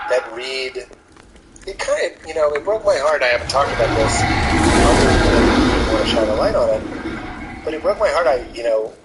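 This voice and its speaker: A man who hosts a podcast and does comedy, talking in a casual, earnest and reflective way, pausing and restarting as he thinks. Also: medium pitch. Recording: very noisy recording.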